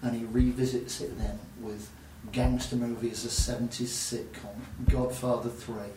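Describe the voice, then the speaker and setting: A male panelist tells his jokes in a deliberate, unhurried way. He sounds set back from the mic in an echoey room. Noise runs steadily under him. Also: mid-range voice, flat delivery, recorded from a distance. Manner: deliberate, jokey storyteller. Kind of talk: casual comedy panel chat.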